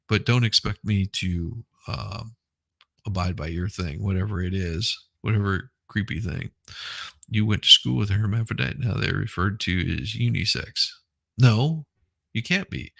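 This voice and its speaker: A man's voice: on the low side, gravelly, fairly bright tone. A man hosting a casual, opinionated news commentary show, talking bluntly and often repeating himself. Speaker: host of a news commentary channel.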